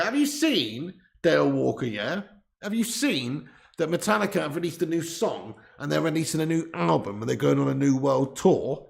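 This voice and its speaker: Brief: male livestream host, gravelly voice sitting a bit high, jokey banter with chat, roomy echo. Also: sing-song, moderate pace. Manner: jokey, laughing, swearing banter. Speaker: livestream host of a football watch-along. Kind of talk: casual livestream chat reading viewer messages. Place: temporary setup on a trip in Spain.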